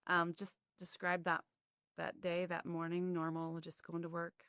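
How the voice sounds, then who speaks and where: A woman hosting a podcast, asking questions attentively with soft mm-hmms. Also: lowish voice, completely flat delivery, moderate pace, clear, resonant tone, dry recording, studio quality. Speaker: podcast host. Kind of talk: interview questions.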